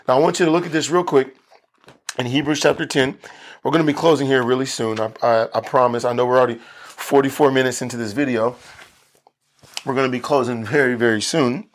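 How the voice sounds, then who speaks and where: A man pastor teaching a Bible study for video, earnest and emphatic, repeating key phrases for stress. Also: medium pitch.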